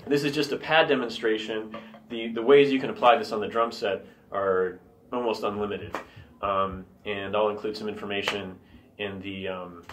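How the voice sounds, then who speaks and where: A man teaching drums, explaining patiently step by step and counting beats out loud. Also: fairly low pitch, slight background noise. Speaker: drum teacher. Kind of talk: instructional explanation.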